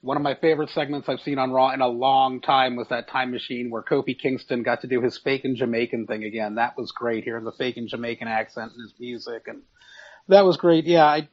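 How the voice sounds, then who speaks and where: A man's voice: mid-range voice, fairly even intonation, a little fast, hardly any pauses. A man giving his picks on a casual wrestling podcast, opinionated, with stumbling restarts. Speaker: podcast panelist. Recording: dull lo-fi sound.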